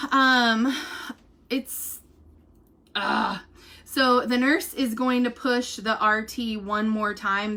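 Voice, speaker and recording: A woman's voice: fairly high pitch, sharp tone. A young woman giving a casual, tired-sounding update, chatty and full of fillers, often acting out what others said. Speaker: vlogger giving a family update.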